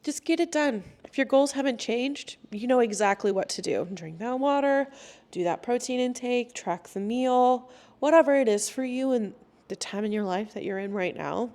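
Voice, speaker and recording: A young adult woman hosting a casual solo podcast, chatty and laughing often, sometimes acting out quoted lines in a higher voice. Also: animated, normal speed, darkish tone. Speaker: podcast host.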